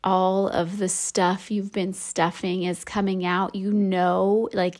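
Slow, candid woman telling a story. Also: mid-range voice. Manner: candid and reflective, with soft laughs. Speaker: podcast host. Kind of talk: personal storytelling for a devotional podcast.

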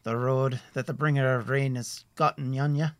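A man voicing a friendly, talkative male woodsman who guides travelers, speaking in a raised, higher voice than his narration. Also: steady tone, moderate pace, a bit bright, dry recording, close to an everyday voice. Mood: genial.

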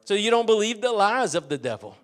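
Southern US preacher, man, high-pitched, emphatic repeats, loud-soft swings, church sermon. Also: very animated, fairly quick. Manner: repetitive, emphatic preaching with rising and falling volume. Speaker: pastor.

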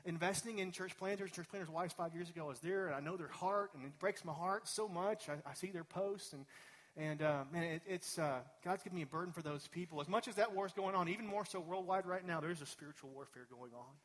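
A man delivers a sermon to his congregation in a church sanctuary. He preaches in a relaxed, conversational way, drifting into personal asides. His voice sits a little on the high side for a man. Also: brisk. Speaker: pastor.

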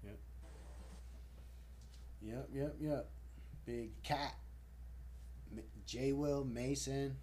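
A man's voice: medium pitch, steady tone, drawn-out words, pauses often, warm tone, a little hiss or hum. A man hosting a casual live-stream chat, laid-back, swearing casually and laughing often. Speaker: host.

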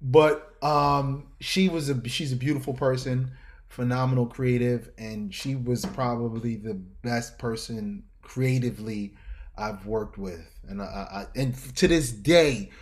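A middle-aged man from Harlem with a New York accent, a fashion designer telling stories as an interview guest, slangy and animated, acting out the people in his stories. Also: medium pitch, unhurried. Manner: animated storyteller who acts out voices, slangy. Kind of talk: casual storytelling interview.

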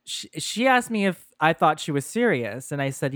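A man's voice: on the high side, normal speed, dry recording, studio quality. Young man telling a story on a podcast. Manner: laughs often, lively storyteller. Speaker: podcast co-host. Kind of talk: casual chat, storytelling.

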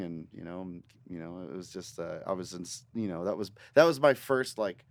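Fast-talking low-voiced man. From Northern Ontario, Canada. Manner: rambling, animated storyteller who swears casually. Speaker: guest musician. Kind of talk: casual storytelling interview. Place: recording studio.

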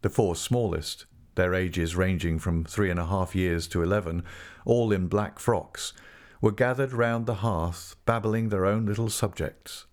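A man narrating a classic novel in a measured, expressive audiobook reading. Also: low voice.

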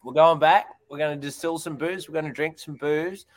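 A man with an Australian accent, chatting loudly over whisky, laughing and swearing freely. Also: a little high, fairly even intonation, brisk, no room sound. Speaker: whisky guest. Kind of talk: casual chat over drinks.

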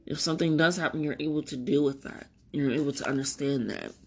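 A woman with a low voice talks through her thoughts in a loose, rambling podcast monologue. She is candid and swears freely, laughing often, and at times she sounds tearful. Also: fast talker, husky. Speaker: podcast host. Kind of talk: reflective solo podcast monologue.

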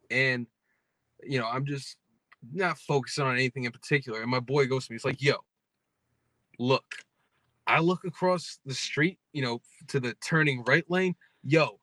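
A man's voice: fairly high pitch, fairly bright tone, no room sound. A young man hosting a podcast, telling profane, laughing stories in casual chat. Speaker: podcast host.

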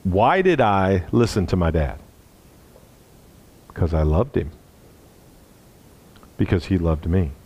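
A man preaching a sermon, telling a personal story in an earnest way and dropping low and soft at tender moments. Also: expressive, slow pace, pauses often, husky, muffled recording.

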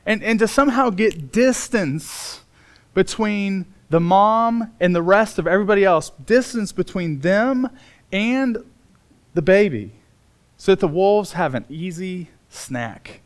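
A middle-aged man, a pastor, preaching a sermon in an earnest, emphatic way, slowing down to stress key words. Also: sits high, lively intonation.

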